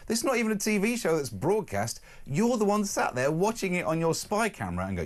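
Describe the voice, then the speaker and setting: A male talk radio host in casual studio chat, sarcastic and opinionated. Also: a little high. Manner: animated, sarcastic, quick-talking.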